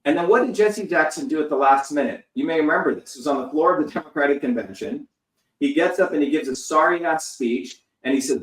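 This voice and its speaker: A man's voice: a little high, brisk. Emphatic profane man, distant roomy mic. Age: 50s. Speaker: guest. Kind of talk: heated interview talk.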